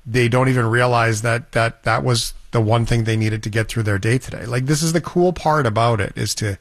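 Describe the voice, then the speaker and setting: Casting note: male talk host, mid pitch, relaxed and reflective, dry close mic. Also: fairly quick, dry recording. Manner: reflective, easygoing, joking. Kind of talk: casual chat.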